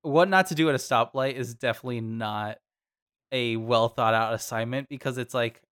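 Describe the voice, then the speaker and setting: Man, podcast co-host, casual chat, medium pitch, animated and chatty. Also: smooth. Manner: chatty, animated, quick asides.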